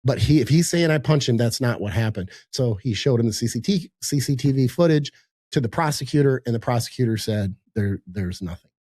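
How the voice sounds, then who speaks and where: A man's voice: mid-range voice, fairly quick, dry recording, studio quality. Older man telling a profane story with gusto. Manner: animated storyteller, acts out quotes, laughs often, profane. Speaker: podcast guest. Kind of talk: storytelling in casual podcast chat. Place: home office in a high-rise.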